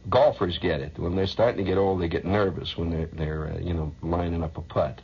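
A man's voice: deep voice, fairly even intonation, brisk, hardly any pauses, dull audio, slight background noise. A man hosting a radio show, rambling through a loose monologue, chuckling often and humming nonsense syllables. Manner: rambling, chuckling, hums sing-song nonsense. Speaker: radio host.

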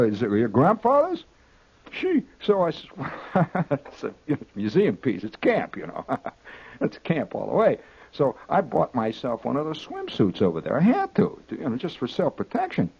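A man telling a rambling, exaggerated comic anecdote, halting with restarts and repeats. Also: a little high, vocal fry, husky, poor audio. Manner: animated, exaggerating storyteller.

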